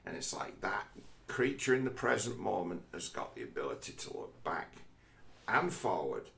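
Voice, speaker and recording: A man's voice: fairly low pitch, very animated, moderate pace, creaky, fairly bright tone. A man delivering a rambling philosophical monologue, swearing heavily and restarting his sentences often. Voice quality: heavy swearing, restless restarts. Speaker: vlogger.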